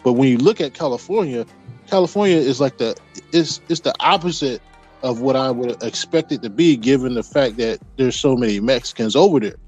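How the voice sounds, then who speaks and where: A man's voice: mid-range voice, a little fast, a little mellow, soft background music. A man talking casually as podcast host, rambling with lots of restarts and fillers. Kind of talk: casual chat. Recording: dull lo-fi audio.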